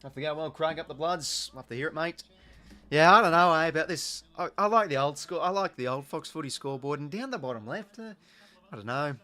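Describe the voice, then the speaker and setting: A man's voice: fairly high pitch, animated, a little fast, bright, forceful tone. Chatty Australian man commentating footy live. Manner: chatty, reads out viewer comments, filler-heavy. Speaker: live watch-along host. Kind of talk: casual live game commentary.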